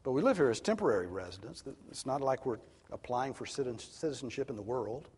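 A male pastor delivers an earnest, emphatic expository sermon. His husky voice rises and falls in lively swings of pitch. The sound trails off in the long reverb of a large hall. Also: fast.

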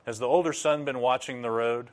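A man's voice: mid-range voice, a little fast. A middle-aged man preaching a sermon as pastor, teaching through rhetorical questions.

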